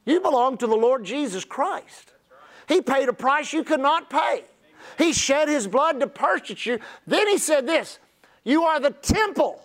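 A man's voice: extremely high pitch, measured pace. A man preaching a sermon, telling folksy, humorous stories. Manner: folksy, humorous, animated storyteller. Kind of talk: sermon with storytelling.

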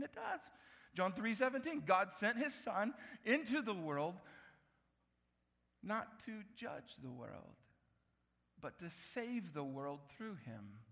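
A man preaching a sermon as pastor, animated, acting out the voices he quotes and dropping from loud bursts to hushed lines. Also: high-pitched. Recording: reverberant hall.

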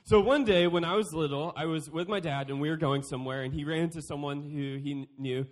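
High-voiced playful young man speaker. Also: fairly quick. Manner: playful, joking, acts out quotes. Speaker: youth speaker. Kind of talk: youth sermon talk.

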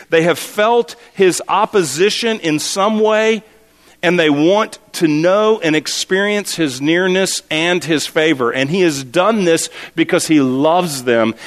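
A man's voice: a little high, fairly bright tone. Earnest male preacher in a reverberant hall. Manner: earnest, repeats key words for emphasis. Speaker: pastor. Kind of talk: sermon.

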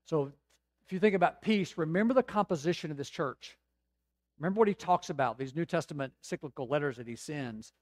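Preaching man with a higher voice. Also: no room sound. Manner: preaching with emphatic swells and quiet, slow reflective stretches. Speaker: pastor. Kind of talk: sermon.

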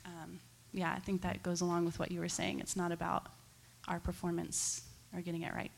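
A woman sharing a personal testimony in church, speaking softly and reflectively. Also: lowish voice, monotone, fairly quick, gravelly, slight background noise. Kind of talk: spoken testimony.

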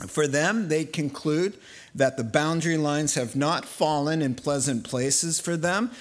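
A man preaching a sermon, telling a Bible story in an animated, playful way. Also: fairly high pitch. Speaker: pastor.

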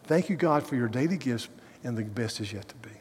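A man preaching a sermon as a pastor, animated, going from loud sarcasm to quiet earnestness. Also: mid-range voice, a little fast, slight background noise. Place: large church hall. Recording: hall reverb.

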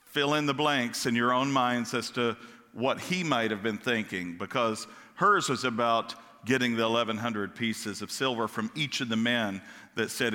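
A man's voice: mid-range voice, normal speed, bright, forceful tone. A man giving a casual, joking Bible lesson in a large hall, sometimes stumbling over his words. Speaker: Bible teacher. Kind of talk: conversational Bible teaching.

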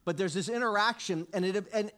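A man's voice: high voice, a little fast. A middle-aged male pastor preaching a sermon, telling stories with acted-out dialogue and chuckling at his own jokes. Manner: animated storytelling, acts out dialogue, laughs at own jokes. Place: church sanctuary with congregation.

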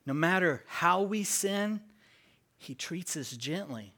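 A preacher's sermon unfolds slowly and emphatically as he calls to the congregation and they respond. He punches key words while his pitch swings expressively.

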